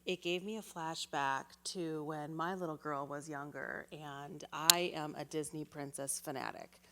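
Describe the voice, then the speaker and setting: Woman from the audience, deep voice, earnest and rambling. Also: steady tone, measured pace, sharp tone. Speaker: audience member. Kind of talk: sharing a personal story.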